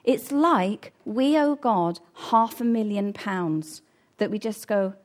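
A woman's voice: mid-range voice, expressive, takes it slowly, a little mellow. A woman preaching a sermon in an earnest, conversational way, breaking off for casual asides.

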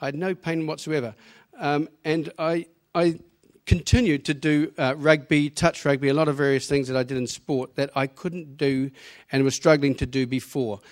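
This church member gives his personal testimony plainly before the congregation, his New Zealand accent marking where he's from. He speaks at a normal speed in a fairly high, steady voice.

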